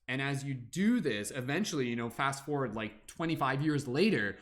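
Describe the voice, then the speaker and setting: A man's voice: mid-range voice, animated, moderate pace, a bit bright. A man giving a casual spiritual talk on a livestream as a tarot reader, rambling with lots of fillers and acting out little voices.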